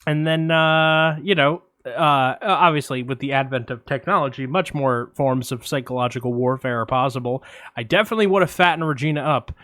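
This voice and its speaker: A young man co-hosting a casual film podcast, joking and boastful, talking in quick bursts with fillers. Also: mid-range voice, a bit bright, no echo. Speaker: podcast co-host.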